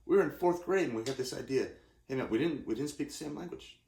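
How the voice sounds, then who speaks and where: A man's voice: mid-range voice, quick pace, vocal fry, darkish tone. A man in his forties from California, talking casually in a rambling, self-interrupting way with lots of restarts. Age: 40s. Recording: roomy echoey room.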